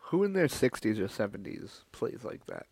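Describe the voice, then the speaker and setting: A man's voice: medium pitch, sing-song, normal speed, a little mellow, husky, no room sound. A man co-hosting a golf podcast, steering topics and joking around. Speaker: podcast co-host. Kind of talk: casual chat.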